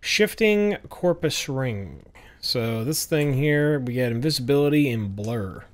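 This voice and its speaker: A man's voice: medium pitch, animated, unhurried. A man streaming a game, commenting in a laid-back, chatty way and swearing casually. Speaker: gaming streamer. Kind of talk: let's-play commentary.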